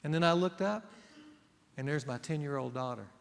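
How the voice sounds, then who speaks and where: A male pastor preaching an earnest, emphatic sermon that moves between loud stresses and hushed asides. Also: fairly high pitch, brisk, creaky. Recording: long reverb of a church hall.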